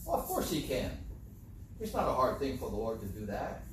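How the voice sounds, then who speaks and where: A man's voice: mid-range voice, huge pitch swings, brisk, distant mic, slight background noise. A man preaching a sermon in a conversational way, often asking his listeners rhetorical questions. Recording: very echoey room, voice from off-mic.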